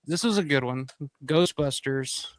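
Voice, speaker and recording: A man's voice: medium pitch, unhurried, a loud crowd. A man hosting a live stream, chatting casually and swearing freely. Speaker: host.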